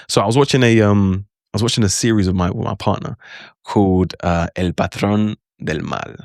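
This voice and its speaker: A man's voice: on the low side, normal speed, a little mellow, no room sound, clean studio sound. A man giving a casual spoken lesson on language learning, loose and chatty, full of asides and acted-out reactions. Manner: acts out his own reactions in quotes.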